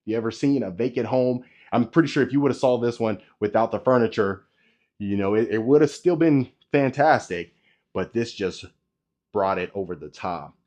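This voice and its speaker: A man leads a walking tour of a new home, chatting to his viewers like regulars. His voice sits at an ordinary middle pitch, and his delivery is salesy and easygoing as he points out features room by room. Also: normal speed, a little mellow. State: a bit out of breath. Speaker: real estate tour host. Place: inside and around a model home.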